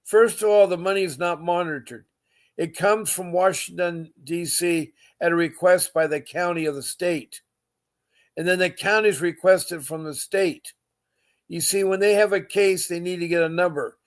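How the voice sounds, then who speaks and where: A man hosts a live podcast in a slightly higher voice. He talks earnestly and with feeling, repeats words for emphasis and stops to greet his viewers. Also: moderate pace. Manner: emotional, repetitive, earnest. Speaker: podcast host.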